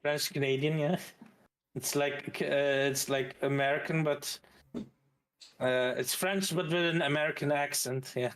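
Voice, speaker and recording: A man with a Flemish Belgian accent chats loosely on a live stream. His voice sits a little on the high side, and he rambles along with plenty of hesitations. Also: fairly even intonation, unhurried, fairly bright tone. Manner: chatty, rambling with many hesitations. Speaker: streamer host. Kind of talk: casual stream chat.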